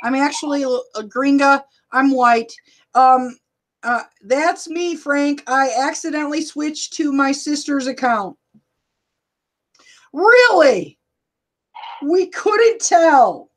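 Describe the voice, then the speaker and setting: A middle-aged woman hosting a casual livestream, loud and laughing often as she reads viewer comments. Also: high voice, fairly even intonation, unhurried. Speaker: livestream host and rideshare driver.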